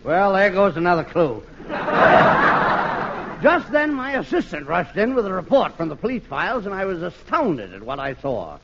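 A man's voice: sits high, sing-song, moderate pace, vocal fry. Hammy mock-hardboiled radio narrator, a man. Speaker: comic narrator playing an inspector. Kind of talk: 1940s radio comedy narration. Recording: muffled hissy old radio recording.

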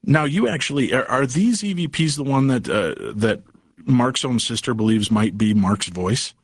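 A man's voice: medium pitch, normal speed, slightly rough. A man hosting a late-night radio talk show, steering the talk with guests and callers.

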